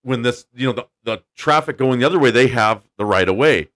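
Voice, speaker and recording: A man hosting a relaxed podcast chat, his voice at an ordinary middle pitch for a man. He talks bluntly and tells stories with animated energy, jumping into the voices of the people he quotes. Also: a little fast. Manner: animated storyteller, acts out quotes. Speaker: podcast host. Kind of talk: casual chat.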